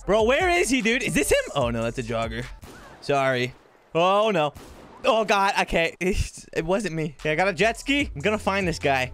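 A young adult man hosting a casual gameplay video, excitable and jokey, rambling as he narrates. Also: on the high side, moderate pace, soft background music. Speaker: gaming YouTuber host.

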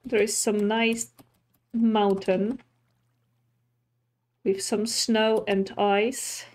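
Slow-talking woman narrating her gameplay. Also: medium pitch, flat delivery, darkish tone. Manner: chatty, easily startled, talks to animals and villagers. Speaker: streamer. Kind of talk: casual gameplay commentary.

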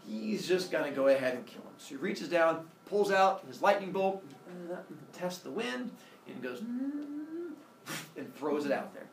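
A male teacher retelling a myth to his class in a playful, animated storytelling style, with asides to the students. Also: a little high, normal speed, gravelly, noisy background. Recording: echoey room, far from the mic.

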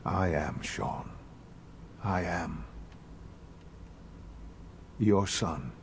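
An actor playing a calm, composed elderly man who leads a secret institute in a video game, speaking in a measured, explanatory way. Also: low voice, slight background noise, full character voice. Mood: solemn. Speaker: game character.

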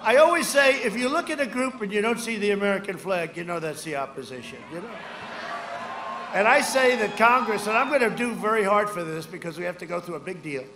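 An older man in his seventies giving a rambling rally speech outdoors, repeating himself and swinging between shouted lines and low asides. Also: lively intonation, brisk, background noise. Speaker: politician speaking at a rally. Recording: echoey outdoor rally with crowd ambience.

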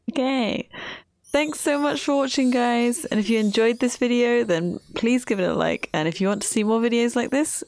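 A woman commenting casually on her game, excitable and chatty with frequent giggles. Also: fairly high pitch, creaky. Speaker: gaming vlogger. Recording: soft background music.

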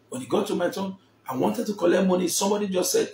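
Animated Nigerian man telling a story. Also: high-pitched, fast talker, vocal fry, roomy sound, slight background noise. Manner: dramatic, acts out the people he quotes.

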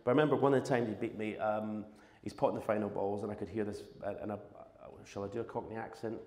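Fast-talking Scottish man in an echoey arena. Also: lowish voice, steady tone, a little mellow. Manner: rambling anecdotes with frequent restarts and laughter. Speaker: former snooker champion, podcast co-host. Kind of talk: live podcast chat on stage. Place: large arena in front of an audience. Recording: echoey live venue with long reverb.

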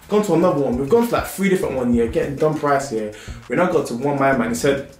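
A young man with a London accent telling a storytime vlog in a lively, slangy way. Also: medium pitch, fast. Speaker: vlogger. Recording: roomy indoor sound.

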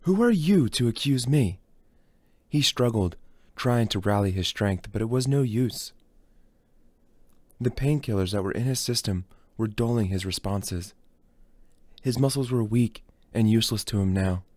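Low-voiced man narrating a story. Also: moderate pace, a little mellow, no room sound. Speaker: audiobook reader.

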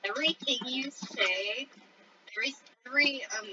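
A woman's voice: high voice, normal speed, muffled recording, noisy background. A female co-player chatting casually during a game and teasing her friend. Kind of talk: casual gameplay chat.

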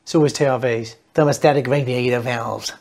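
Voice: mid-range voice, steady tone, brisk, vocal fry, a little mellow. A plumber explaining heating fixes to viewers in a blunt, teasing, jokey way. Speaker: plumber hosting a how-to channel. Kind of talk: casual instructional talk to camera.

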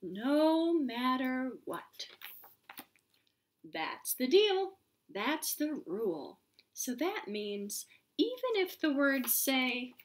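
Woman storytime host, high bright voice, slow and hammy, made for kids. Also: big pitch swings. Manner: playful, exaggerated, with silly sound effects. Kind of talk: reading a picture book aloud to children.

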